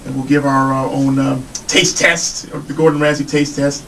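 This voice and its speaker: A man's voice: mid-range voice, flat delivery, normal speed, fairly bright tone, recorded from a distance, slight background noise, rough recording. A man co-hosting a morning radio show, announcing the next segment in an upbeat way. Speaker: radio co-host. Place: radio studio. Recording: voice a bit off-mic.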